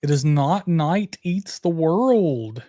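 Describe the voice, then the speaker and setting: Lively animated man hosting trivia. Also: on the high side, slow, no room sound, studio quality. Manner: animated, playful, teasing, with bursts of excited shouting. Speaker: livestream host. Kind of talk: casual live trivia chat.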